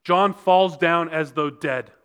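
A man preaching a sermon as pastor, earnest, and at times dropping to a soft, intense voice for emphasis. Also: fairly high pitch, fairly even intonation, takes it slowly, clear, resonant tone. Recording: reverberant hall sound.

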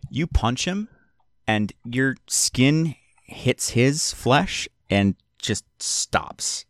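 A man narrating as game master of a tabletop role-playing game, relaxed and hesitant, with many fillers. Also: mid-range voice, drawn-out words, no echo, clean studio sound.

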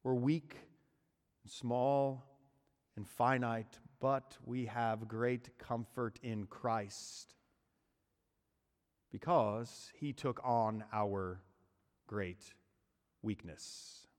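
Man preaching a sermon with dramatic pauses. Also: mid-range voice, fairly even intonation. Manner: dramatic pauses and hushed endings. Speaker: pastor. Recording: long hall reverb.

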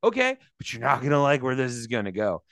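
A man's voice: medium pitch, wildly swooping pitch, fast, creaky, a bit bright, no echo. A man chatting casually as a comedian co-host, acting out quotes in different voices and swearing freely. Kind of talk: casual podcast chat.

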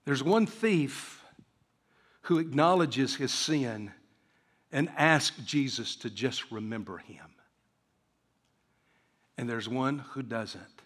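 A man's voice: mid-range voice, fairly bright tone, slightly rough, big-room sound. A man preaching a sermon to a congregation, acting out the voices of the people in his story. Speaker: pastor. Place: church sanctuary.

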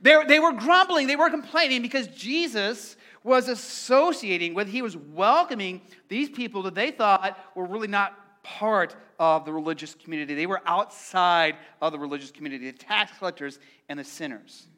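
A male pastor with a high, bright voice delivers a sermon. He talks conversationally, repeating words as he goes, and keeps inviting the congregation to join in. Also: moderate pace, hardly any pauses.

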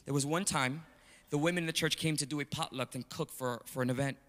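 Brief: male preacher, a touch high-pitched, animated storyteller, echoing church hall. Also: fast talker. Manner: animated storytelling, calls out to the congregation. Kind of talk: sermon. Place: church sanctuary. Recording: long reverb of a large hall.

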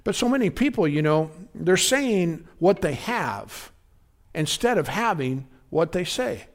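A male pastor delivering a midweek sermon in an easy, conversational way. His voice sits a little higher than most men's. He keeps asking the congregation whether they are with him. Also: sing-song, unhurried.

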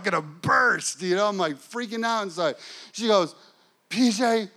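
Male pastor preaching, kinda high voice, acts out the quotes in his story. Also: measured pace. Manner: animated storytelling with acted-out quotes. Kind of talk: sermon storytelling.

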